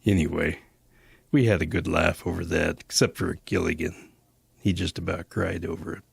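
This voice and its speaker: Man, 60s, from the Western US; deep, raspy and breathy; casual, meandering anecdotes. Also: steady tone, no room sound. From Western United States. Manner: unhurried, rambling, many "uh" pauses. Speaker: storyteller recalling mission days. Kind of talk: casual spoken reminiscence.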